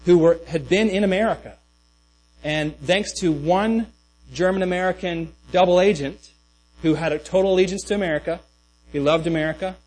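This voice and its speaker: A man's voice: on the high side, darkish tone, rough recording. A man preaching a sermon in a loose, conversational way, with many restarts and asides. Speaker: pastor.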